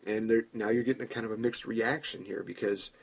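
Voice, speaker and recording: A man's voice: lowish voice, steady tone, a little fast, breathy edge. A man hosting a podcast, telling a long story in a chatty way and acting out imagined dialogue. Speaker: podcast host. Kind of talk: casual fantasy-booking commentary.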